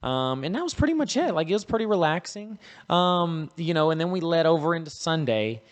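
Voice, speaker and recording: A young man hosting a crude, casual podcast, joking loudly and swearing a lot. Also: fairly high pitch, big pitch swings, a little fast. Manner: profane, loud, joking. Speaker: podcast host.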